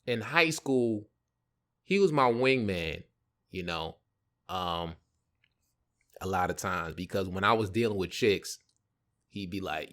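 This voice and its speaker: A man's voice: low-pitched, expressive, slow pace, pauses often, fairly bright tone. A man hosting a podcast, telling casual stories from his childhood in slangy, profane talk and laughing at his own jokes. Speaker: podcast host. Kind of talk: casual storytelling monologue.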